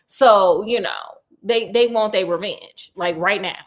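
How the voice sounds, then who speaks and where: A woman casually retelling a children's book, chatty and animated with slangy, playful asides. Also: mid-range voice, slow. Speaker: storyteller.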